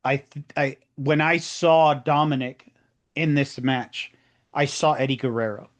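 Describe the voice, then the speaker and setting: A man's voice: mid-range voice, steady tone, unhurried. A man co-hosting a casual review chat, eager and explanatory. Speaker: podcast co-host.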